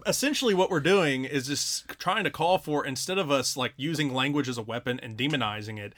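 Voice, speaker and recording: An earnest man, a writing teacher, explains his ideas in a steady, conversational way. His voice sits at a middle pitch with a bright, forward tone. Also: a little fast, dry recording, clean studio sound. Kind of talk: casual conversation about teaching.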